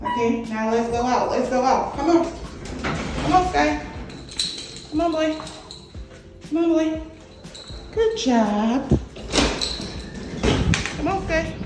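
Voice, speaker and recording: A young woman vlogger talks to her puppy in a high, swooping sing-song, coaxing and praising him with affectionate baby talk. She speaks slowly and drawn out, with music playing clearly behind her voice. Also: animated. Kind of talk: talking to her puppy on a walk and at home.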